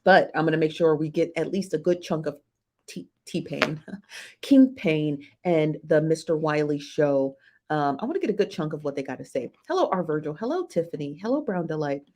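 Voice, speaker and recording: A woman's voice: low-pitched, expressive, normal speed, darkish tone, slight background noise. A woman hosting a casual livestream, chatting with viewers, greeting them by name and laughing often, recorded on a phone. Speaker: livestream host.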